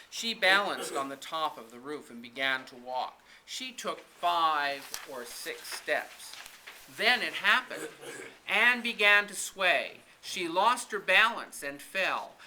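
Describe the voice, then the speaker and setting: A man reading a children's storybook aloud with expressive narration. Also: on the high side, slight background noise. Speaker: reader.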